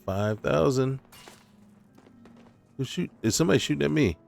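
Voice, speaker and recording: A man's voice: mid-range voice, animated, normal speed, gravelly, soft background music. A man giving casual gameplay commentary, talking to himself and scolding enemies in mock indignation. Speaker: gaming YouTuber.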